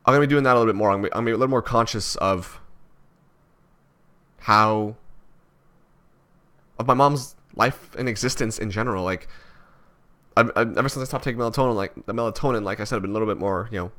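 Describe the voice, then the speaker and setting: A man's voice: on the low side, fast talker, pauses often, sharp tone. A young man from Canada talking through his thoughts in a personal vlog, rambling and self-critical with many restarts. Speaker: vlogger.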